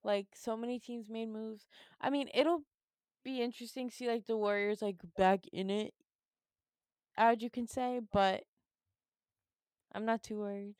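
A young woman co-hosting a podcast chats casually about basketball, a fan, in a slightly high, clean-toned voice that's a little slow with frequent pauses. She's animated, laughing often and acting out her own reactions, in a dry, studio-quality recording.

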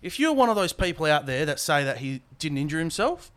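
A man's voice: on the high side, very animated, a little fast, fairly bright tone, smooth. A young man with an Australian accent co-hosting a podcast, ranting casually and swearing freely. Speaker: podcast co-host.

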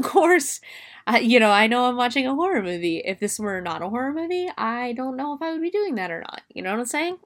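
A woman recapping a horror film in casual chat, animated and gushing, swearing freely. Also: medium pitch. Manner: excitable and gushing. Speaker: movie reviewer.

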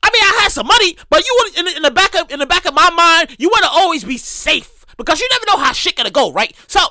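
A person telling a casual story in a monologue, profane and animated, repeating phrases for emphasis. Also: extremely high pitch, fast, no room sound, studio quality.

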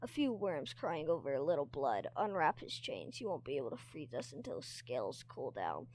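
A woman's voice: low voice, sing-song, moderate pace, darkish tone, voice pushed down. A woman voicing a cruel, mocking female sand dragon who wants to be queen, with a sneering, taunting manner. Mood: scornful.

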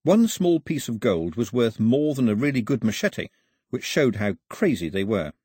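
A man narrating an audiobook as a lively storyteller, in a husky voice, recorded on a close studio mic. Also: mid-range voice, moderate pace, dry recording. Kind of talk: scripted narration.

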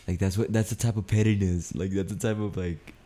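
A man's voice: sits low, steady tone, brisk, dark tone. A young man co-hosting a podcast, telling a story in a loose, profane way, full of "like" and "dude". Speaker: podcast co-host. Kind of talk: casual storytelling chat.

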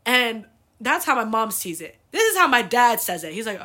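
A young American woman with a voice on the high side sounds very animated, pushed and bright with a breathy edge, at a normal speed. Hosting her podcast, she tells a family story loosely and chattily. "Like" comes up constantly, and she swears freely.

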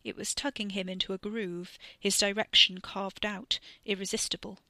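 A woman narrating a scripted story with expressive reading. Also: mid-range voice, moderate pace, no echo. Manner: expressive reading with voiced characters. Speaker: narrator and author.

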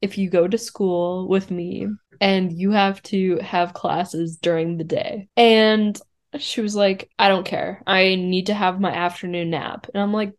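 A young woman co-hosting a casual podcast, chatty and quick to laugh. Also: fairly low pitch, a little mellow. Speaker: podcast co-host. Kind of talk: casual chat.

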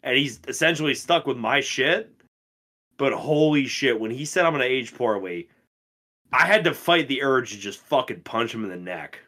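A man in his twenties co-hosting a podcast, telling stories in a casual, profane and animated way. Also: medium pitch, normal speed. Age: 20s. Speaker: podcast co-host. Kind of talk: casual chat.

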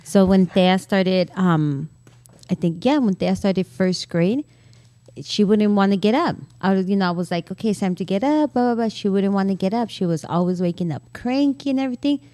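A woman's voice: mid-range voice, moderate pace, mellow, no echo. Casting: middle-aged woman, blunt podcast co-host, tells stories through quoted asides. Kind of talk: casual chat.

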